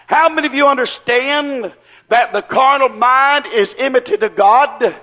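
A man preaching a sermon in a fervent, folksy way, firing rhetorical questions at the congregation and rising into shouts. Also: very high-pitched, measured pace. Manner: acts out quoted people in voices.

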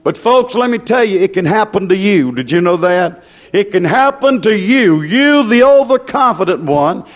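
A middle-aged man preaching a fiery sermon of warning, repeating his points and swinging up and down in pitch. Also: lively intonation, moderate pace. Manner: warning, repetitive, rises and drops in pitch.

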